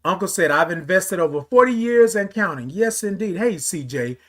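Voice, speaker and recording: High-voiced man giving a motivational livestream. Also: animated, moderate pace, a bit bright. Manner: preachy, talks straight to viewers, greets commenters. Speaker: livestream host. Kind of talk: casual motivational livestream talk.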